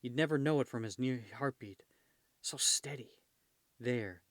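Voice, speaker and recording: A man voicing the clipped, hushed inner monologue of a blind vigilante tracking someone, read aloud from a comic. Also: medium pitch, measured pace, no echo, natural voice. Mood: tense, focused.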